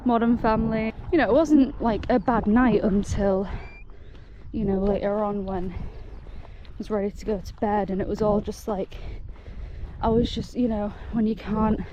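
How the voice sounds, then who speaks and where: An excitable, chatty woman, talking casually to camera while hiking outdoors, laughing often. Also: medium pitch, unhurried, dull audio, slight background noise. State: out of breath. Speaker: solo hiker vlogger.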